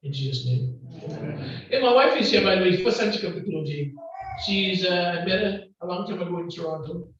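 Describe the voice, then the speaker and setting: A man with a Grenadian accent preaching a lively sermon and joking back and forth with the congregation. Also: high voice, fairly quick, slight background noise. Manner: loud, call-and-response, joking with the congregation. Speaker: guest preacher. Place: church hall. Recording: distant, echoey and muffled hall recording.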